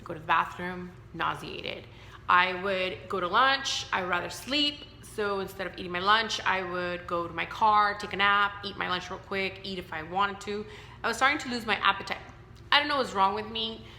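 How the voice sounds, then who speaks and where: A woman's voice: mid-range voice, normal speed, pushed and bright, echoey room, a little hiss or hum. A woman in her thirties telling her own story to camera, candid and emotional, rambling with fillers. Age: 30s. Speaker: vlogger.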